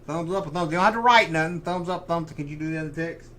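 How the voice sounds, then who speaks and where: A man's voice: fairly high pitch, quick pace, a bit bright. A middle-aged man cohosting a casual chat show, joking and rambling in loose banter. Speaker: podcast co-host.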